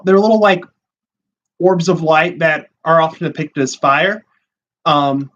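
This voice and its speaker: A man's voice: fairly high pitch, fairly bright tone. A man hosting a casual livestream, talking in a chatty, rambling way with many fillers. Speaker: podcast host. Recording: dull lo-fi sound.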